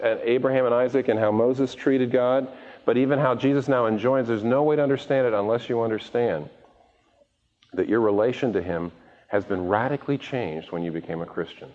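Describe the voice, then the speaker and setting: A man preaching a sermon, animated and restarting words as he speaks, acting out the voices of the people he quotes. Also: medium pitch. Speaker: pastor. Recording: dull recording with long hall reverb.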